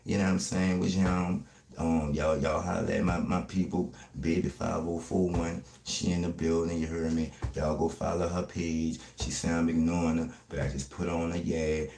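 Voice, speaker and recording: A man, talking fast and streetwise in a casual livestream chat, often asking "you heard me". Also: sits low, little pitch movement, a little mellow, echoey room, a little hiss or hum.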